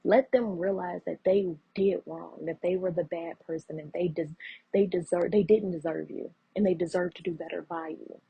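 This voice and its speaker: A woman's voice: on the low side, steady tone, normal speed, creaky, breathy edge, no room sound. A woman in her thirties hosting her own podcast, speaking earnestly and preaching encouragement, with a habit of repeating phrases for emphasis. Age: 30s. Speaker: podcast host. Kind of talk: heartfelt solo podcast talk. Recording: muffled lo-fi audio.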